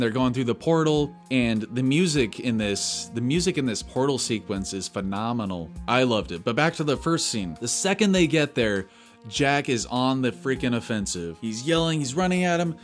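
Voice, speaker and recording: A man talks through a cartoon finale in a loose, excited recap, tossing in fillers and the odd swear. His voice sits in an ordinary middle pitch, with faint music running quietly underneath. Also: normal speed. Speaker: video reviewer. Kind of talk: casual episode recap and review.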